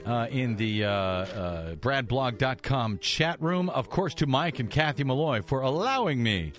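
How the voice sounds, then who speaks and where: A man hosting a radio talk show, casual and halting with many fillers, speaking at a studio microphone. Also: medium pitch, animated.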